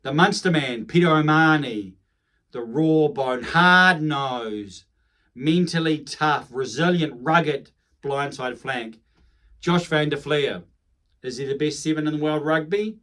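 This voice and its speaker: A man's voice: a little high, unhurried, bright, forceful tone. A man with a New Zealand accent giving a casual, rambling rugby match preview, correcting himself and adding chatty asides. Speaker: rugby commentator.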